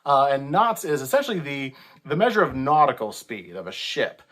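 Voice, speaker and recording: A man's voice: mid-range voice, very animated, moderate pace, fairly bright tone. A man co-hosting a sea shanty show, leading songs and explaining them in a hesitant, casual way. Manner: hesitant, many fillers, sings lead lines. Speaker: co-host singing sea shanties. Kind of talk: casual chat and shanty singing.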